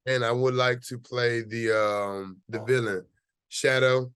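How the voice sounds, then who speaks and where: As a guest in an interview, this American actor tells his story casually, with an easygoing flow and lots of fillers. He speaks in a clear, resonant, slightly bright mid-range voice with fairly even intonation and a measured pace, and there's no echo.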